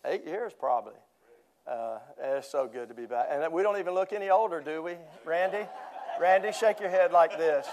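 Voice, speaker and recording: A man's voice: on the high side, normal speed, darkish tone. An older man preaching a sermon in church, telling jokes and chuckling often. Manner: joking storyteller, chuckling often. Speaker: pastor.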